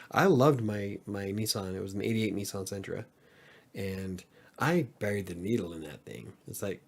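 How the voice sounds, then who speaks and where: Guy in his 30s, rambly livestream chat, curses a lot, lowish voice. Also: a little mellow. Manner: rambling, swears freely, chuckles often. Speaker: podcast host.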